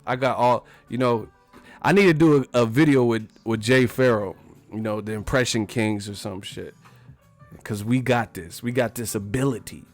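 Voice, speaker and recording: A man's voice: mid-range voice, normal speed, faint music behind. A man hosting a casual livestream as a boxer, rambling and profane and laughing often.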